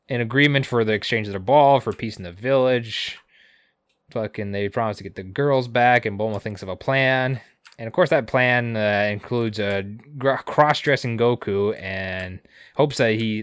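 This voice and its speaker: A man with a fairly low voice rambles through a casual recap, swearing freely and drifting into crude asides. His voice is recorded close and dry, with no room sound. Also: fairly bright tone, dry recording. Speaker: podcast co-host.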